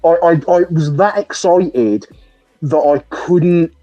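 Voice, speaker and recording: A British man hosting a podcast, chatting excitably with lots of laughter and swearing. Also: fairly high pitch, takes it slowly, dull audio, soft background music. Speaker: podcast host. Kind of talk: casual chat.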